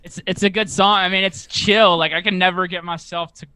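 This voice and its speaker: A young man, a music producer guest, chatting casually in an energetic, crude, swearing, joking way. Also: sits high, a little fast, clear, resonant tone, no echo. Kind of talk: casual chat.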